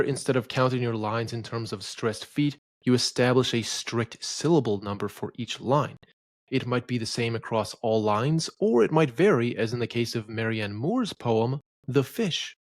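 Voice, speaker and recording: A man's voice: medium pitch, no room sound, clean studio sound. A man giving a scripted lecture on poetry in a didactic, opinionated way. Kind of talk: scripted educational narration.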